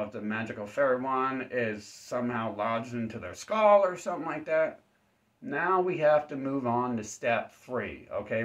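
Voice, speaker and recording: A man hosting his own channel, giving a rambling deadpan comedic monologue that sometimes jumps into high-pitched acted-out voices. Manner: acts out exchanges with sudden high-pitched voices; laughs at his own dark jokes. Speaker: self-defense channel host. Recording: slightly dull, lo-fi recording.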